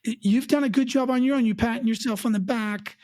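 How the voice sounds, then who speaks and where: A woman financial advisor talks emphatically on an advice chat show, lively and acting out her clients' voices. Her voice is a little high and fast, and the recording is dry.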